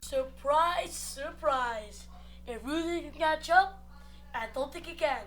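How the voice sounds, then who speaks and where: A woman commentating on a racing league, muttering asides between shouted, excited play-by-play. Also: high-pitched, takes it slowly, faint music behind. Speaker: race commentator.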